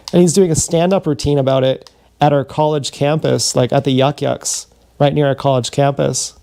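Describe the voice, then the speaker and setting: A man livestreams a long, wandering personal story. His voice is mellow and low in brightness, with a steady gravelly fry. He swears freely and keeps backing up to restart his sentences. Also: moderate pace. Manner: meandering, profane, frequent restarts. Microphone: streaming from a body camera.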